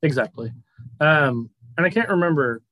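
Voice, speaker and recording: A man's voice: on the high side, lively intonation, moderate pace, a bit bright, low-quality recording. A man narrating a tabletop game as game master in a casual way with dry jokes, heard over a voice call.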